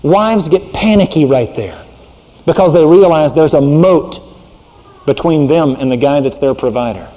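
A middle-aged man preaching a sermon as a pastor, folksy and conversational, dropping to a hushed tone for serious points. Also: a little high, lively intonation, normal speed, big-room sound, muffled recording.

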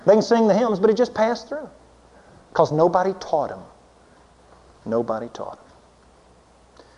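A man preaching a sermon, swinging between loud emphatic peaks and low hushed asides. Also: lively intonation, moderate pace, in a large hall, muffled recording.

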